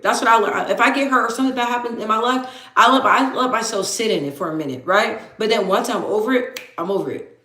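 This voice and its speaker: Young woman on a livestream, mid pitch, talks straight to chat, repeats herself, kinda echoey room. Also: a bit bright. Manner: candid and emphatic, repeats phrases, talks straight to viewers. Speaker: livestream host reading viewer comments.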